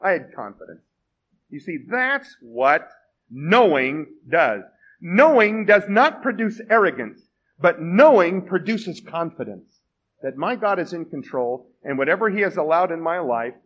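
A man's voice: a little high, expressive, moderate pace, fairly bright tone, dull audio. A man in his forties preaching a sermon as pastor, telling the story with self-deprecating humor.

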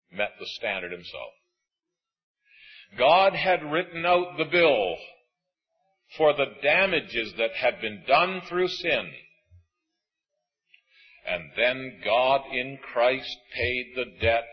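A man preaches a sermon to a congregation in an auditorium, animated and acting out the voices of people in his stories. His voice is medium-pitched and slightly rough, and the sound is lo-fi.

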